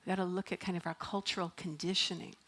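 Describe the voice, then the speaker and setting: A woman's voice: fairly low pitch, little pitch movement, quick pace, a bit bright, slightly rough. A middle-aged woman minister giving a sermon in a church, talking in a chatty, playful way and laughing often. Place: church sanctuary.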